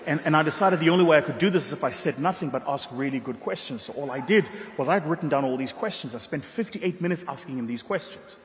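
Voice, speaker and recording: A young man from South Africa with a South African accent, giving an emphatic motivational keynote in a ballroom, telling stories with dramatic pauses. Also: fairly high pitch, lively intonation. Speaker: keynote speaker. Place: large ballroom. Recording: long hall reverb.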